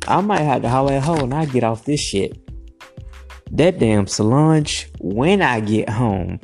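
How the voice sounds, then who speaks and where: Very low, gravelly woman rambling casually. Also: lively intonation, unhurried, darkish tone. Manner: loose, profane, playful asides to viewers. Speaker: tarot reader. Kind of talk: casual rambling tarot reading vlog. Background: music playing.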